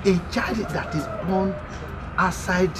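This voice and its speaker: An actor with a Nigerian accent playing a bitter village uncle who shouts and mocks his relatives in a film. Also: sits high, steady tone, slow pace, noisy background. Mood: scornful. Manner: mocking, shouting insults. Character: bitter, insulting middle-aged village uncle. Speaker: scornful uncle in a family feud. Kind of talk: Nollywood film acting.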